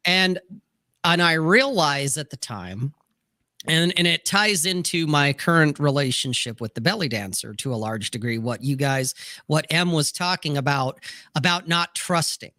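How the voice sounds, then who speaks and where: Brash, bright-voiced man telling a candid story. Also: a little high, expressive, moderate pace, dry recording. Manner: candid, profane anecdote with frequent "you know". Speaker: podcast co-host. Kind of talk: casual storytelling on a podcast panel.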